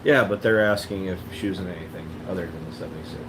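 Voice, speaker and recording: A man's voice: low voice, quick pace, a crowd in the background. A man, a farmer, chatting casually to his viewers in a rambling, plainspoken way with frequent restarts. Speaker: farmer vlogger. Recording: noisy ambient background.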